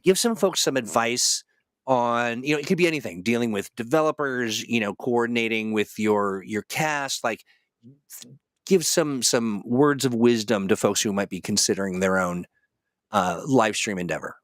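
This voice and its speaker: A man's voice: mid-range voice, moderate pace, dry recording, studio quality. A man hosting a casual interview over a video call, chatty and restarting his sentences often. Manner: chatty, with frequent restarts and fillers. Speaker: host.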